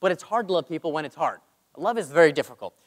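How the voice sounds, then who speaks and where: A young man preaching a sermon in an animated way, joking about his own faults. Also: on the high side, quick pace. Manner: animated, self-mocking asides. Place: large church hall. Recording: long hall reverb.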